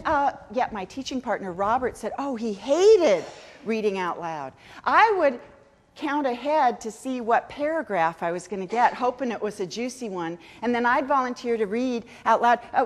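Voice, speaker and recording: A woman's voice: on the high side, expressive, normal speed, slight background noise. A middle-aged woman giving a chatty, self-mocking conference talk to teachers. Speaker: education speaker. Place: large conference hall. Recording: long hall reverb.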